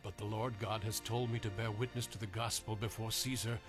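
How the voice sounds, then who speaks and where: A man playing a calm, steadfast apostle. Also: on the low side, a little fast, natural voice. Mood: serene. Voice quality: gentle, soothing and resolute. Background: music.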